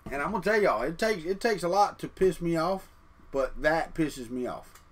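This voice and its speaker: A man's voice: on the high side, animated, moderate pace. A man, hosting a casual livestream from his trailer home and chatting folksily with viewers. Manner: folksy, talks straight to chat. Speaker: 3D printing livestream host.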